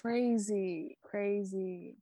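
A woman co-hosting a podcast in casual chat, unhurried, reacting with short exclamations. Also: mid-range voice, fairly even intonation, warm tone, a little hiss or hum. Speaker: podcast co-host.

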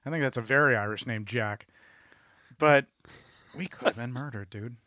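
A man trading jokes in a casual podcast chat, his pitch in the ordinary middle range. He is sardonic and swears offhandedly as he recaps. His voice sounds close and dry. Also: normal speed, sharp tone, no room sound. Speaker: podcast co-host.

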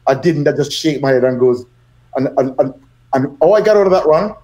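A man's voice: mid-range voice, animated, brisk, a little mellow. An older man with a British accent, a guest musician telling stories in a podcast interview, rambling and repeating words and acting out the dialogue. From Jamaica.

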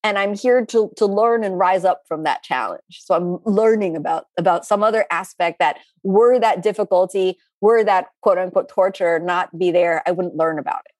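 A woman's voice: fairly low pitch, moderate pace, few pauses, dry recording. Chatty woman yoga teacher, dry sound. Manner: chatty, animated, with playful asides. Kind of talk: live online class Q&A.

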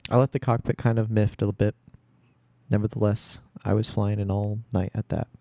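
A man reading a first-person story aloud in a steady storytelling voice. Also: on the low side, moderate pace, dry recording. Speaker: audiobook reader.

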